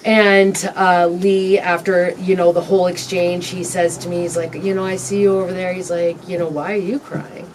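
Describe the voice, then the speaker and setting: A woman as an interview guest, telling her personal story candidly in a halting, reflective way with frequent pauses and ums. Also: on the low side, level tone, recorded from a distance, slight background noise.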